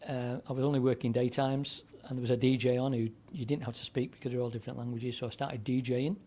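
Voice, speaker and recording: He talks fast in a mellow, mid-range voice with a flat delivery. A man in his seventies with a past as a DJ and broadcaster, he strings together lengthy anecdotes conversationally, circling around with many fillers and restarts.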